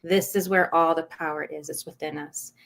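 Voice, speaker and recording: A woman guest in a podcast interview, telling a personal story in a lively way, laughing often and acting out what others said. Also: low voice, moderate pace, creaky. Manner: animated, acts out quoted voices, laughs often; self-described saucy.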